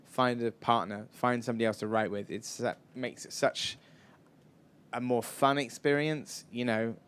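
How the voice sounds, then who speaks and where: A man's voice: mid-range voice, fairly even intonation, normal speed, fairly bright tone, clear, resonant tone. A man answering audience questions at a live event, chatty and rambling, often self-deprecating. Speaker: filmmaker guest.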